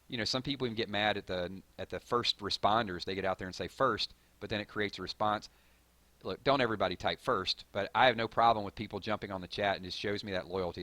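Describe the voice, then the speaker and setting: A man with a Southern drawl hosting a live stream, reading viewer comments and hyping up his audience in a rambling, excitable way. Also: fairly low pitch, no echo. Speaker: gaming channel host.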